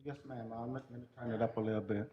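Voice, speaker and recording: Loud joking man chairing a board meeting. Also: medium pitch, steady tone, crowd noise. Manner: loud, joking, brisk procedural calls. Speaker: school board president. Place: public meeting room. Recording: echoey, muffled meeting-room audio with faint hiss.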